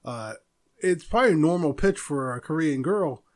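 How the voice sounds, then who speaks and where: A man's voice: on the high side, animated, moderate pace. Rambling, chuckling podcast man. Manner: rambling, chuckles often, loose and self-interrupting. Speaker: podcast host. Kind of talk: casual solo podcast talk.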